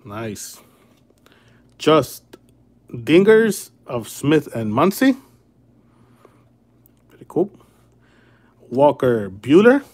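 A man hosts a casual livestream card break at an easy, unhurried pace. His talk is laid-back and chummy, calling viewers brother and man. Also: on the high side, very animated, darkish tone. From Chicago area.

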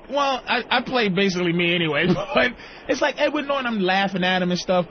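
A man guesting on a radio talk show, telling animated, profane stories and acting out the people in them. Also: high voice, a little fast. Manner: animated, profane, acts out quoted voices. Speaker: guest comedian. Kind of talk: casual radio banter, storytelling. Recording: muffled radio broadcast with faint hiss.

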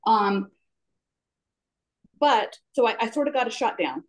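Eager woman, slightly high voice, rambling and apologetic testimony over a video call. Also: expressive, measured pace, rough recording. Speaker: class participant. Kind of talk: sharing a personal testimony.

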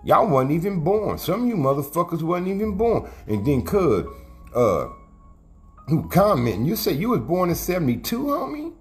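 A man's voice: fairly high pitch, huge pitch swings, normal speed, soft background music. A man, telling a prison story in heavy street slang and getting heated as he talks. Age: 50s. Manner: profane street slang, says cuz constantly; heated, raises voice when agitated. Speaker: interviewee telling prison stories. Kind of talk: casual storytelling rant.

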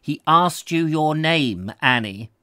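A man's voice: on the high side, expressive, slow pace, sharp tone, clear, resonant tone, dry recording, clean studio sound, voice pushed up, full character voice. A man reading aloud, voicing a curt, defensive woman who runs a hospital kitchen and answers sharply. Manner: short, snappish replies.

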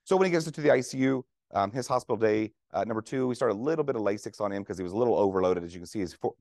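A man's voice: fairly low pitch, a little mellow, no echo, studio quality. A man who is a veteran trauma nurse giving a conference lecture to clinicians, conversational and joking, often asking the room questions. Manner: conversational, jokey, asks audience questions.

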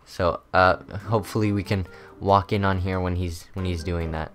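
A young man with a lowish voice hosts his gaming channel, rambling casually over gameplay with plenty of ums and uhs. Faint music plays behind him. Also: steady tone, moderate pace, fairly bright tone.

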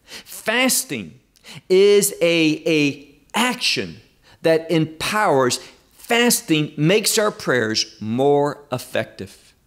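A man teaching a Bible study lesson, emphatic and measured, repeating key phrases for stress. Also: a little high, big pitch swings, a bit bright.

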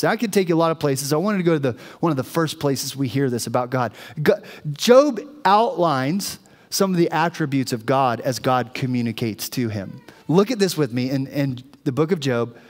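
A man preaching a sermon in a church, telling stories animatedly to the congregation. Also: on the high side. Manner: animated storytelling, addressing the congregation. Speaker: pastor. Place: church sanctuary. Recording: long reverb of a church hall.

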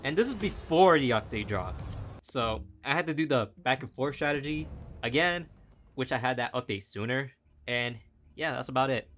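A man reacting to his own gameplay for his channel. He mutters flatly, swears often and jumps into loud excited outbursts. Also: mid-range voice, normal speed. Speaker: gaming channel host. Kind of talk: live gameplay reaction and commentary.

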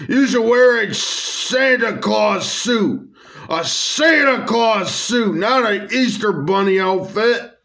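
A man's voice: high-pitched, takes it slowly, fairly bright tone, pitched above the performer's own voice, heavily acted. A man voicing a whiny, reluctant male cartoon dinosaur who stammers through his complaints. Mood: indignant.

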